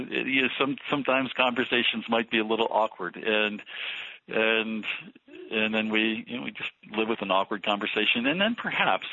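A man talking through ministry ideas in an interview, thoughtful and halting with many restarts. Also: lowish voice, bright, forceful tone, no room sound. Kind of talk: conversational interview about ministry. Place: Philadelphia. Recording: dull lo-fi radio audio.

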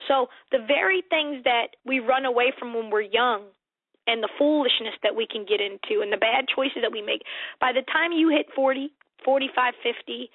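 An American woman in her forties speaks with earnest emphasis, her slightly high voice squeezed through a tinny phone-like line. The sound is dry, with no room around it. She circles back and repeats words as she works out her thoughts. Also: dry recording. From United States. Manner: earnest, emphatic, repeats herself while thinking. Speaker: guest author. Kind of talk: faith-based interview conversation.

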